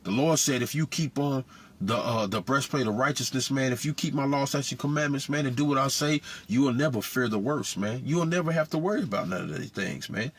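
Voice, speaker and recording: A man's voice: mid-range voice, brisk, fairly bright tone, husky. A man teaching scripture informally in street talk, saying "man" constantly. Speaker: preacher.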